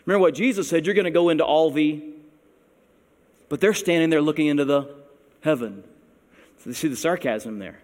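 A man preaching a sermon, wry and conversational, leaning into words with playful emphasis. His voice sits a little high for a man. The sound carries the long reverb of a large hall. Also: fast talker, pauses often, darkish tone. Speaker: pastor.

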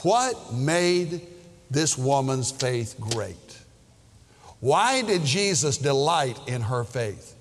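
A man preaching a sermon as a pastor, slow and emphatic, putting rhetorical questions to his listeners. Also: medium pitch, sing-song, long reverb tail.

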